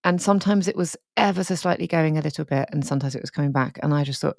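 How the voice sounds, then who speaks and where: A woman's voice: sits low, quick pace, gravelly, hardly any pauses, no room sound, studio quality. A woman co-hosting a podcast, telling a candid, sweary, emotional story in casual chat. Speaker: podcast co-host.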